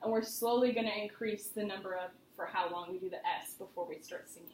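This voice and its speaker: A woman's voice: medium pitch, steady tone, quick pace, a little mellow. A woman voice teacher giving a private singing lesson, chatty and encouraging as she explains with vivid images. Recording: roomy studio with faint noise.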